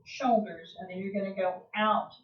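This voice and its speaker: A woman teaching a yoga class, giving slow, calm, gentle cues with long pauses between them. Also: medium pitch. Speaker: yoga instructor. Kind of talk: guided yoga class instruction. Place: home or studio room, livestream. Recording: roomy, distant, dull livestream audio.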